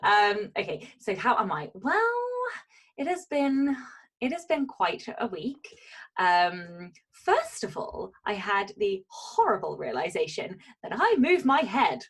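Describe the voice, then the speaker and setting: Husky, lively-voiced woman. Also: mid-range voice, takes it slowly, low-quality recording. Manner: chatty, laughing often, swears casually. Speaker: podcast co-host. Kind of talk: casual chat.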